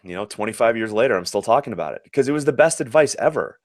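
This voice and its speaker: A man's voice: medium pitch, expressive, very fast, no room sound, clean studio sound. An American man in his forties, a former Olympic athlete, telling earnest and reflective stories in an interview, often restarting his sentences. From United States. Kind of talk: anecdotal interview storytelling.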